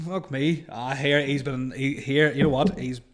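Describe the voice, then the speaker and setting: A man chatting casually as a podcast co-host, sweary and excitable, laughing often. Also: mid-range voice, a little slow. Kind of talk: casual chat.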